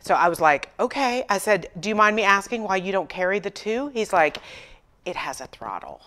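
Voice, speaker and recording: A woman chatting casually on a livestream from her workshop. She tells stories with quoted dialogue and pokes fun at herself, at a medium pitch, recorded on a camera mic. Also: brisk, fairly bright tone. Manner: chatty storyteller, acts out dialogue, self-deprecating humor. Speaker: furniture painting livestream host.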